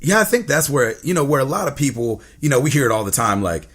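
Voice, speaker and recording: A man's voice: medium pitch, sing-song, fast talker, a bit bright, husky. A man guest speaking earnestly and reflectively in a casual interview.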